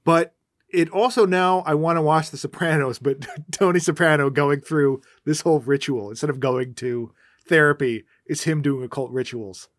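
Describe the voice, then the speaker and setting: A man's voice: fairly high pitch, normal speed, dry recording. A man co-hosting a podcast, chatting casually about a film with wry, dry jokes and hesitant restarts. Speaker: podcast co-host. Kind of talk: casual film-review chat.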